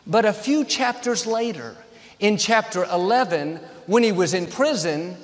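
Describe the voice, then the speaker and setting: This sermon comes from a high-pitched male pastor who stacks short, repeated phrases to drive toward each point. His intonation is lively, and his pace runs a little slow. The sound carries a long reverb, like a voice filling a large hall.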